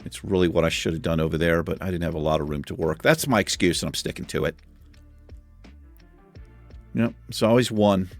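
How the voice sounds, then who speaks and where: Man, lowish voice, casual let's play commentary, jokey and self-mocking, soft music underneath. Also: fairly quick, long pauses. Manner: joking, self-deprecating, chuckles often. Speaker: gaming channel host.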